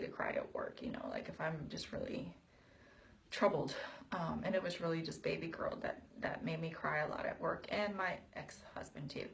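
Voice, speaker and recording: A woman, talking through her thoughts in a personal video diary, halting and full of fillers and restarts. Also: fairly low pitch, creaky, a bit bright. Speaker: video diarist. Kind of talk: personal reflective talk.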